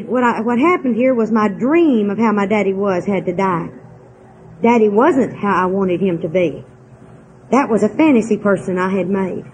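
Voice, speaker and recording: A woman's voice: sits high, a little hiss or hum, rough recording. An older woman, candidly telling a personal recovery story in a homespun, frank way. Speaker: twelve-step speaker.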